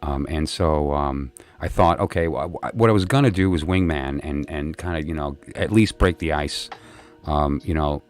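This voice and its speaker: A tired man with a very deep voice and a moderate pace hosts a livestream. He tells his viewers a story in a chatty, rambling way, full of fillers and restarts.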